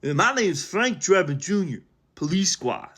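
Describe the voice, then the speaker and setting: Guy playing a stern cop, clipped, a bit high. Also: sing-song, normal speed, fairly bright tone, full character voice. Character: stern male police officer.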